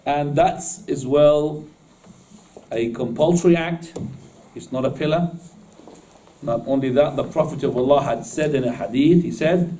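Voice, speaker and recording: Man, class teacher, informal, questions the room, dark mellow voice, distant mic. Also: on the high side, unhurried. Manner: explains with gestures, asks the class questions, laughs at own jokes. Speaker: teacher of Islamic law. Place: mosque classroom.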